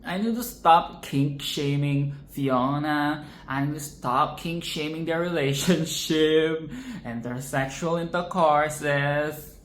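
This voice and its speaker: A woman's voice: low-pitched, slow, roomy sound, slight background noise. A woman vlogger reacting to a film in casual, crude and rambling commentary, with bursts of mock outrage.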